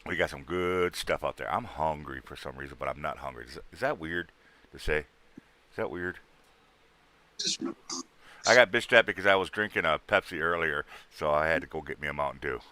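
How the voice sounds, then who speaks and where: A man's voice: very deep voice, a little fast, pushed and bright. A tired man hosting a casual livestream, joking and drawling as he tries to sell items. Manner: joking, drawling, mock auctioneer patter. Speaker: livestream host selling game items.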